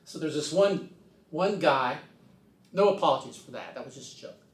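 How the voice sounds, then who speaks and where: A man's voice: on the high side, expressive, moderate pace. An older man telling a rambling, casual story, slipping into other people's voices as he goes. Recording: roomy sound, distant from the mic.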